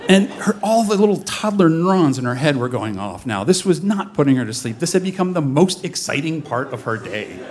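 A man in his forties telling a comic personal story on stage, with a lively, animated delivery. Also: mid-range voice, a little fast, few pauses. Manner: comic, animated, mimics voices in quotes. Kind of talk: live storytelling performance. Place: stage before an audience.

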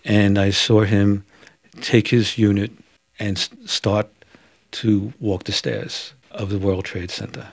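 A man who is a fire chief, recounting events in an interview in a measured, halting way. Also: on the low side, flat delivery, no echo.

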